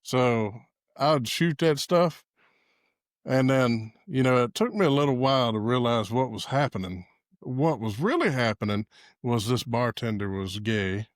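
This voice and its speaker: A man hosting a podcast, telling a story in a relaxed way and laughing often. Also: mid-range voice, unhurried, dry recording, studio quality. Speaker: podcast host. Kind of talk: casual storytelling chat. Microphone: podcast microphone.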